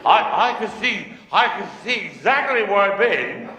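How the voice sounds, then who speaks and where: A man's voice: high voice, very animated, normal speed, heavy background noise. A Cornish man doing stand-up, telling a crude pub yarn in a broad, earthy way and chuckling along at his own jokes. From Cornwall, England. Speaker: stand-up comedian. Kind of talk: stand-up storytelling on stage. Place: live comedy venue. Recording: echoey hall, 1990s live video.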